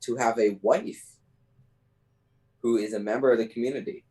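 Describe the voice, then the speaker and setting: A man's voice: medium pitch, fairly even intonation, moderate pace, darkish tone, slightly rough, low-quality recording. Man, podcast co-host, playful, mock-serious pleading, video call. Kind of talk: casual chat.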